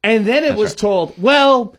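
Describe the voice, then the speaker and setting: A male radio host who tells stories in a lively way, his voice slightly high for a man and swinging widely in pitch. He laughs easily and talks in loose, friendly studio banter. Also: fairly quick. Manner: animated, laughing storyteller.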